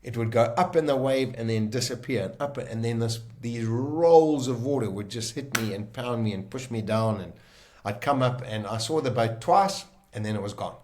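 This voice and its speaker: A middle-aged man from South Africa, recounting a personal ordeal in a vivid, animated conversational way with frequent restarts. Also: medium pitch, normal speed. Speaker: guest telling his story. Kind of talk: conversational storytelling.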